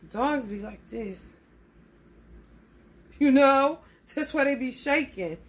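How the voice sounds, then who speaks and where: A woman's voice: fairly high pitch, expressive, measured pace. A woman giving a casual tarot reading, blunt and profane, calling her listeners honey. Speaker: tarot reader.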